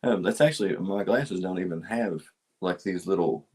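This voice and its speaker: A man's voice: low-pitched, moderate pace, darkish tone, husky. A man in casual, joking chat as co-host, self-mocking and swearing freely. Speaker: comedian co-host.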